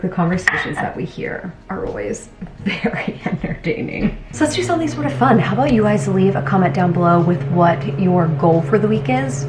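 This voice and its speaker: A young woman talking casually to camera in a home vlog, chatty and laughing often, her voice sometimes dropping to a soft murmur. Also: fairly low pitch, heavy background noise. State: teary from crying. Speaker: vlogger. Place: home, indoors.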